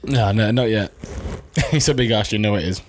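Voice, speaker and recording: A man's voice: lowish voice, moderate pace, noisy background. A man co-hosting a podcast, teasing and rambling, swearing freely in casual beer-tasting banter. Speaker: podcast co-host. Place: room, indoors.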